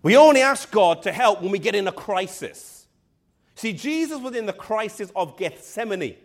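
A male preacher with a high voice delivers an emphatic sermon. He speaks straight to the congregation, slows down to stress key words and sometimes sinks to a near-whisper. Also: very animated. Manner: addresses the congregation directly.

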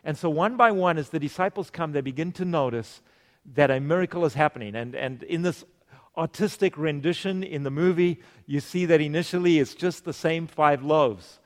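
A man with a somewhat high voice delivers an animated sermon. He asks the congregation questions and briefly plays the people in his stories. His voice carries a long echo through the hall. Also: normal speed. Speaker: preacher.

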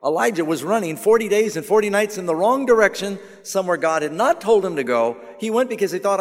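A man preaching a sermon, telling stories with humor and rising to emphatic, animated delivery. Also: fairly high pitch, brisk. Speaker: pastor. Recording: long hall reverb.

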